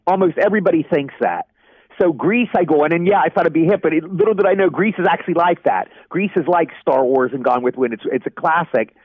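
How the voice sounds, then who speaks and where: A man in his sixties telling animated anecdotes as an actor in a casual interview, acting out the people he quotes. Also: a little high, fast talker, no room sound. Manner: animated anecdote teller, acts out quoted voices. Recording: dry, dull lo-fi audio.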